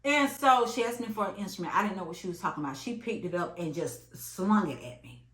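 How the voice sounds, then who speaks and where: A woman in her late thirties telling an emphatic, animated story about her job in a vlog. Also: medium pitch, a little fast. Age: late 30s. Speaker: vlogger. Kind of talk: storytime monologue. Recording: echoey room.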